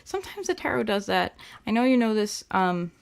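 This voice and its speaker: A young woman hosting a live-stream tarot reading, talking gently and chattily with many fillers. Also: medium pitch, sing-song, fairly quick, gravelly, clear, resonant tone. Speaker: tarot reader and livestream host.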